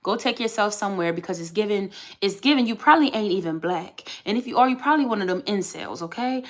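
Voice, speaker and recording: A woman's voice: medium pitch, animated, fast. Woman on a live stream, talks back to chat, frank. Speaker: vlogger.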